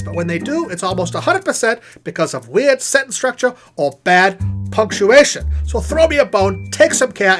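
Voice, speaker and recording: A performer voicing a vain male puppet professor who talks to camera as a comic spokesman, theatrical and sassy. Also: a bit bright. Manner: theatrical, sassy, swooping pitch. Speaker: puppet spokesman for custom videos. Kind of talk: comic scripted monologue to camera. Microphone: on-camera puppet set.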